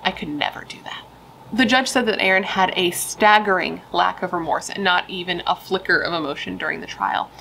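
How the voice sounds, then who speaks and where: A woman's voice: lowish voice, brisk, gravelly, hardly any pauses, sharp tone, a little hiss or hum, rough recording. A young woman casually telling a true crime story, emphatic and chatty, swearing and saying dude and like.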